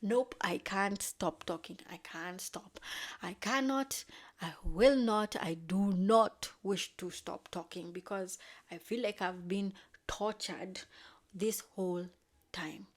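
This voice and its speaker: A woman voicing a lovesick young gentleman who pleads earnestly and breathily. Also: medium pitch, steady tone, slow. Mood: pleading.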